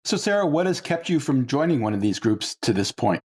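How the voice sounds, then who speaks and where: A man's voice: medium pitch, sing-song, brisk, a little mellow, slightly rough. A man hosting a podcast, asking short probing questions in a casual conversation. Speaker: podcast host, interviewer.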